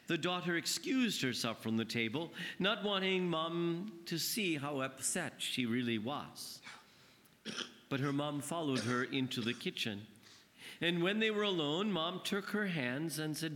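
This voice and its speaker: Slow-speaking priest in an echoing church. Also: male voice, on the high side, animated, pushed and bright. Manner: slow, measured storytelling. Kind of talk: sermon. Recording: long reverb in a church.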